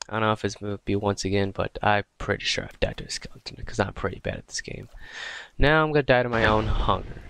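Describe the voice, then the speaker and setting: A young man giving excitable, dramatic commentary while playing a video game and talking to characters in the game. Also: medium pitch, no room sound. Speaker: gameplay commentator. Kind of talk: gameplay commentary.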